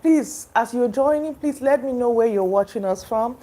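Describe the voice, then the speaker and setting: A woman's voice: a little high, normal speed, mellow. A woman hosting a casual livestream, greeting viewers and chatting in a rambling, hesitant way with many fillers. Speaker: livestream host. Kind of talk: casual live-stream chat greeting viewers.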